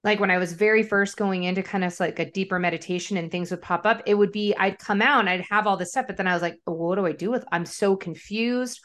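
A woman's voice: mid-range voice, steady tone, fast talker, hardly any pauses, fairly bright tone. A woman hosting a podcast conversation who rambles, searches for her words and fills the gaps with "like". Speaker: podcast host. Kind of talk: casual conversation.

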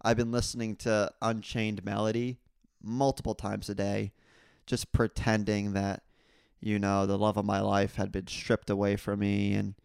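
A young man hosting a casual solo podcast, telling rambling stories full of crude jokes and swearing, and getting louder and higher when he is worked up. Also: monotone, moderate pace, creaky, clear, resonant tone, no echo, studio quality. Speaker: podcast host.

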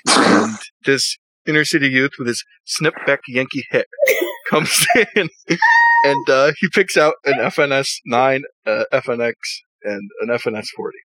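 A man's voice: mid-range voice, normal speed, bright, forceful tone, no echo, low-quality recording. A man hosting a podcast, telling crude stories with lots of swearing and laughter. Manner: profane, laughing storyteller. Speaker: podcast host. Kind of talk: crude casual chat. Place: south of the US.

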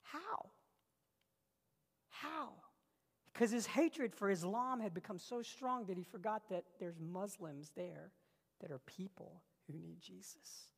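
A male preacher with a gravelly, creaky edge delivers a passionate sermon, jumping from loud bursts to near-hushed lines. His voice rings out with the long reverb of a large hall. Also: sits high, a little slow.

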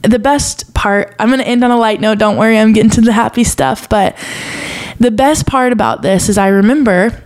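A woman's voice: a little high, measured pace, pauses often, a little mellow. A young woman hosting a podcast, talking earnestly and confessionally about faith, at times close to tears. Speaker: podcast host. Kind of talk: personal faith podcast talk.

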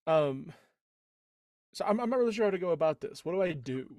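A man's voice: high-pitched, expressive, a little fast, a little mellow, no room sound. A man playing a tabletop game, hesitant and asking questions. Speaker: player. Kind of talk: casual chat.

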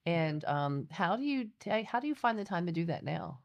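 A woman hosting a casual interview, an animated storyteller who acts out the voices of people she quotes. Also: on the low side, moderate pace. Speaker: podcast host.

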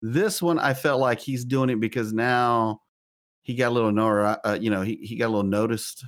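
A man's voice: medium pitch, normal speed, dry recording, clean studio sound. A man co-hosting a podcast in casual chat, easygoing, agreeing and hesitating with fillers. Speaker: podcast co-host.

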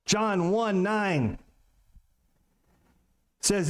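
A male pastor preaches to a small-town congregation in a loose, joking way, often asking rhetorical questions. His voice is very high for a man. He takes his time, speaking at a slow, easy pace. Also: lively intonation. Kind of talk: sermon.

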